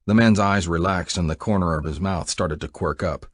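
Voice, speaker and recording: Deep husky male audiobook narrator. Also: moderate pace, no echo. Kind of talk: scripted narration.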